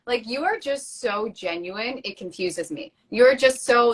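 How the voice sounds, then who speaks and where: A woman's voice: medium pitch, animated, normal speed, hardly any pauses, fairly bright tone. A woman hosting a live-streamed chat, bubbly and effusive, talking casually with her guest. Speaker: host. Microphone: phone or computer mic on a social media live.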